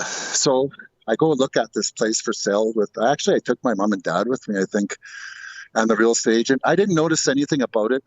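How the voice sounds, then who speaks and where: A man's voice: medium pitch, dry recording, dull audio. A middle-aged man telling a ghost story in a loose, rambling way, full of restarts and asides. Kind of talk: casual storytelling.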